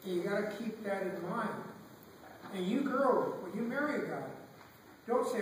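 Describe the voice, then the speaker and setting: High-voiced man telling stories in a classroom. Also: normal speed, long pauses. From California. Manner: animated, acts out voices, mixes in Spanish phrases. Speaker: guest speaker. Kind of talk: storytelling to a class. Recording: echoey classroom from far off, noisy.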